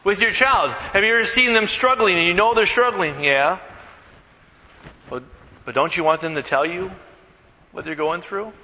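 A man preaching a casual, conversational sermon, animated and joking with the congregation. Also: high-pitched, normal speed, long reverb tail, poor audio. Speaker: pastor.

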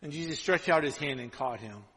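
A pastor delivering a conversational sermon, full of "right?" asides, swinging between loud and hushed. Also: male voice, a little high, animated, a little fast, slightly rough, big-room sound, rough recording.

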